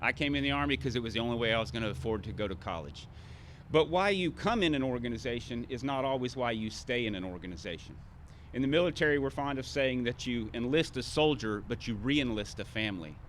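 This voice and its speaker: Man in his 50s, ceremony speech outdoors, bright tense voice, faint outdoor hum behind. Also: medium pitch, expressive, fast talker. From Arkansas. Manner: commanding drill calls at moments. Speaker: ceremony speaker.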